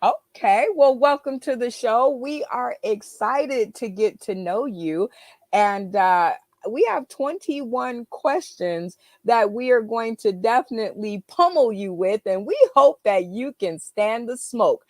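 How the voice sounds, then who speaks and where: A woman's voice: fairly high pitch, expressive, slow pace, darkish tone, no room sound. A woman hosting an interview show over a video call, asking guests questions in a friendly manner. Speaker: show host. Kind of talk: casual interview talk.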